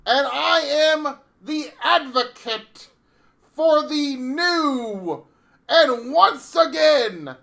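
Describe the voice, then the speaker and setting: Brief: man putting on a booming, pompous ring announcer, slow and emphatic. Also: lively intonation, gravelly, bright, forceful tone, exaggerated voice. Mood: grandiose. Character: loud pompous wrestling announcer-advocate, man.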